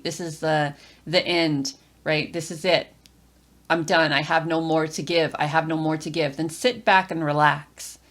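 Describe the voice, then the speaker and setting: A woman's voice: mid-range voice, fairly bright tone. A woman giving a casual tarot reading, talking straight to the viewer with lots of fillers, restarts and repeated phrases. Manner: rambling, repeats herself, many fillers and restarts; addresses the viewer directly and encouragingly. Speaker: tarot reader.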